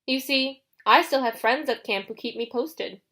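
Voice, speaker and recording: A woman reading an audiobook, voicing a smooth, mocking young male villain who taunts the heroes. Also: high-pitched, moderate pace, sharp tone, pitched above the performer's own voice. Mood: taunting.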